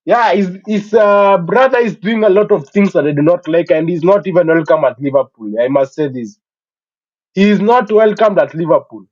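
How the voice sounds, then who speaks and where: Stream host, man, higher-pitched voice, opinionated casual football talk; dull, dry lo-fi recording. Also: moderate pace, darkish tone, no room sound. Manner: emphatic, opinionated, frequent "you know" fillers.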